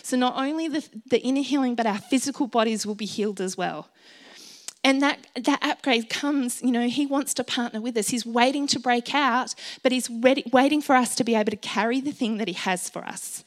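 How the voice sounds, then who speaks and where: A woman's voice: a little high, brisk. A middle-aged woman preaching a sermon in an earnest, conversational way, often asking the listeners questions.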